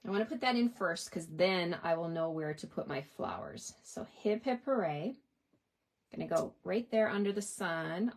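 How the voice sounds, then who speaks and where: Chatty, encouraging woman with a lowish voice, running a live craft demo. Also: normal speed. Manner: chatty, encouraging, talks to viewers. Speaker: card-making instructor.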